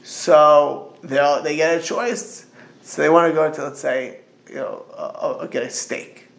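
Rambling gravelly middle-aged man teaching. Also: a little high, steady tone, unhurried. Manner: rambling and digressive, many restarts and storytelling asides. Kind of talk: informal religious talk.

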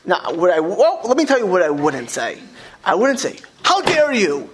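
Animated male rabbi teaching a class. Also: sits high, normal speed, a little hiss or hum, poor audio. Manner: animated, repeats words, acts out quoted speech. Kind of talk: informal religious class with audience questions.

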